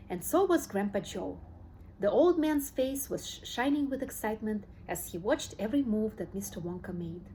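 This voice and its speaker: A woman's voice: mid-range voice, warm tone, slight background noise, low-quality recording. Woman reading a children's book aloud. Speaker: audiobook reader. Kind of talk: storybook narration.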